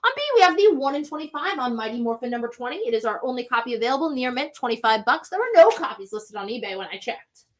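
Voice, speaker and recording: A woman hosting a live comic book sales show, running through items and prices in a brisk, chatty way from a comic shop. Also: fairly high pitch, lively intonation. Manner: brisk, chatty item rundown.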